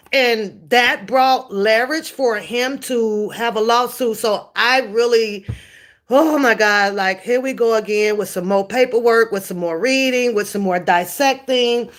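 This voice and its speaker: Slow-talking chatty woman streamer. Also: on the high side. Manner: chatty, reads and answers viewer comments. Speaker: commentary streamer. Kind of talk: casual live-stream chat.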